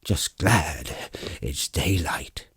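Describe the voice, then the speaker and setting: Male narrator doing an old dwarf, gruff and husky, low and dark. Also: expressive, a little slow, dry recording, clean studio sound, full character voice. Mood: muttering. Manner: gruff, grumbling.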